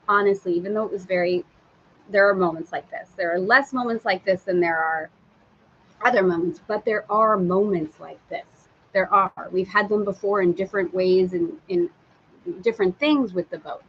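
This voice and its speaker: A woman's voice: medium pitch, a little hiss or hum. Woman telling a candid story, dull lo-fi sound. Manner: candid storytelling, reads viewer comments aloud. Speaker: spiritual teacher and live-stream host. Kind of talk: candid live-stream chat. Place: on a sailboat.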